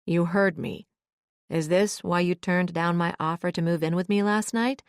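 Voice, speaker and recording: A woman's voice: on the low side, steady tone, moderate pace, smooth, dry recording, studio quality, natural voice. A woman voicing a brusque, possessive male billionaire boss who talks in blunt, clipped lines. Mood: accusing.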